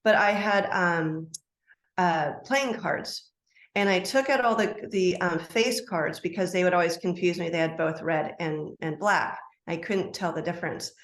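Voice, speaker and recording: Animated storytelling woman in echoey room. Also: on the low side, measured pace. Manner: animated, acts out quoted dialogue. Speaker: podcast guest, life coach. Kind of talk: storytelling interview answer. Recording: roomy echo.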